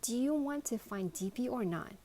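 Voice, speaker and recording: A woman's voice: a little high, animated, normal speed, dark tone, pitched above the performer's own voice. A woman voicing a fierce, bossy toy pig who makes threats, in a storybook reading.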